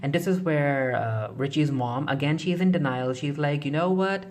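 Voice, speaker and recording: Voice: mid-range voice, normal speed, a little mellow. A reviewer casually recapping a television episode, talking loosely with many fillers and restarts and retelling scenes through quoted dialogue. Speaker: TV show reviewer.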